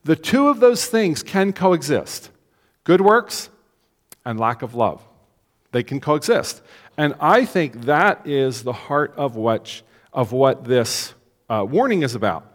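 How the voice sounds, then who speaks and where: Lively-voiced man preaching in a reverberant hall. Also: mid-range voice, takes it slowly. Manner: conversational preaching with rhetorical questions and acted-out quotes. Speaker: pastor. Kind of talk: sermon.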